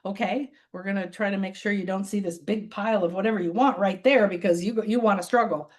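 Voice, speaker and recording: A fast-talking woman with a mid-range voice appears as an interview guest, sharing casual stories as a spiritual teacher who lives by a beach. She's animated, laughs a lot, and acts out the voices of everyone she quotes.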